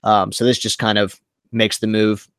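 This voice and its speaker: A man's voice: fairly low pitch, flat delivery, normal speed, fairly bright tone, smooth, dry recording, clean studio sound. A man hosting a sports podcast in casual chat, laid-back and joking, with frequent fillers. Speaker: podcast host.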